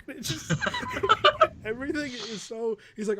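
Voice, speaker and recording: A man's voice: sits high, wildly swooping pitch, moderate pace, very noisy. A man co-hosting a podcast in casual chat, talking eagerly and laughing as he retells scenes. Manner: enthusiastic, laughs while retelling movie scenes. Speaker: podcast co-host.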